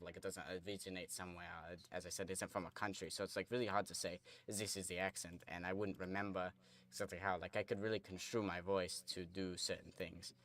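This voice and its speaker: A young man with a very low voice talks through a gaming stream in a loose, rambling way. He chats with viewers as he plays, drifting between comments and what he is doing in the game. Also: fairly bright tone. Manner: rambling, chatty, reads chat aloud while playing. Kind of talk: casual gameplay stream chatter.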